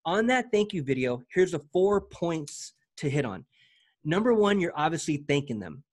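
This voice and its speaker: An energetic man with a slightly raised pitch, talking through a software demo in loose, slangy chat. He stumbles and repeats words as he gets excited, keeping it casual and hyped. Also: normal speed. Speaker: presenter demoing software.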